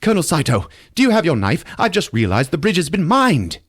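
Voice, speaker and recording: A man's voice: a little high, huge pitch swings, fairly quick, a bit bright, breathy edge, no room sound, studio quality, voice pushed up, heavily acted. A man putting on the voice of a prim, fussy middle-aged British army colonel with polite, clipped speech.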